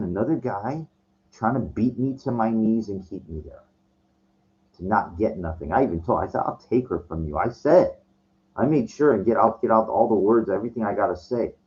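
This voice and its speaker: A man's voice: fairly low pitch, a little mellow. A man telling a story in a casual rant, agitated and profane, often stumbling and restarting his sentences. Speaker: vlogger. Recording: dull lo-fi recording.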